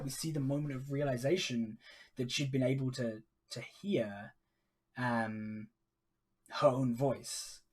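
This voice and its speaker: A man with a medium-pitched, slightly bright, husky voice narrates his solo tabletop role-playing game on a live stream. He sounds casual and hesitant, dropping plenty of ums as he chats with viewers.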